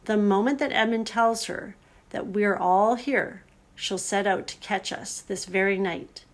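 Sensible motherly beaver wife, brisk and emphatic, storybook voice, as a woman reads her. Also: mid-range voice, lightly acted. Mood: urgent. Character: motherly, practical female beaver.

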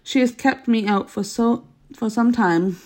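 A woman voicing Father Christmas, a huge, glad old man, speaking slowly and solemnly in a storybook reading. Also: on the high side, a little mellow, lightly acted.

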